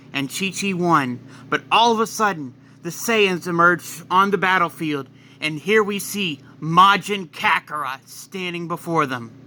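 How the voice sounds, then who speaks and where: A man narrating a fan-made story in quick, excitable storytelling. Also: fairly high pitch, a little hiss or hum. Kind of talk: casual fan-fiction narration.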